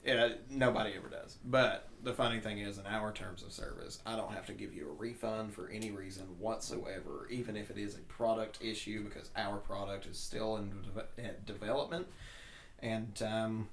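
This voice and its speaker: Lowish voiced dude ranting casually, lots of swearing, roomy echo and a bit of hiss. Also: male voice, normal speed, creaky. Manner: profane, animated storytelling. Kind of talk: casual chat. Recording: roomy echo, faint noise.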